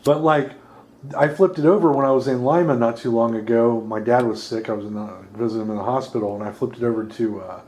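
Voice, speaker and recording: A man's voice: medium pitch, quick pace, a little mellow. Man in his thirties, casual rambling chat. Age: 30s. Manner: rambling, swears, laughs often. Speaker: podcast co-host.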